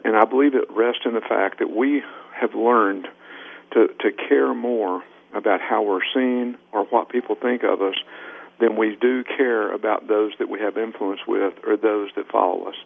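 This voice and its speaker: A man's voice: fairly low pitch, gravelly. A middle-aged man, a leadership trainer, earnestly telling stories as a guest in a radio interview. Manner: earnest anecdotes, acting out quoted dialogue. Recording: tinny phone line on radio.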